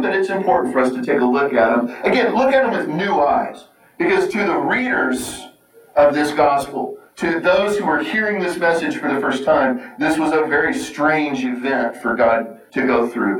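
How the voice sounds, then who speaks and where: A man preaching a sermon in an earnest, conversational teaching manner, often repeating words and asking rhetorical questions. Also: fairly high pitch. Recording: echoey room, mic far off.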